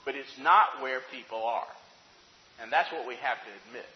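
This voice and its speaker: A man's voice: medium pitch, moderate pace. A man preaching a sermon, emphatic and full of rhetorical questions, in a church sanctuary. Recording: dull, echoey hall recording.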